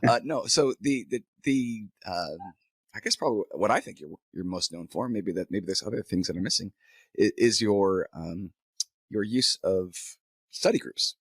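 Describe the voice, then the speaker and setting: A man's voice: fairly low pitch, expressive, moderate pace, no echo. A man hosting a casual tech podcast, talking through a sore throat. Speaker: podcast host.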